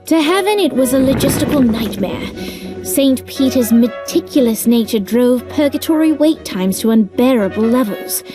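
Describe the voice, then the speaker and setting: A wry, measured storybook narrator, read by a woman for a video game cutscene. Her voice sits a little high, with music clearly playing behind her. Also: animated, natural voice.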